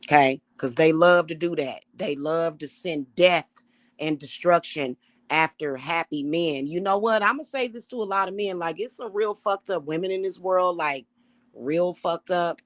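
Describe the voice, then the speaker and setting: A middle-aged woman, a self-styled high priestess, ranting to her viewers in a casual, emphatic and profane way. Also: normal speed, dry recording. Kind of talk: casual spiritual rant to camera.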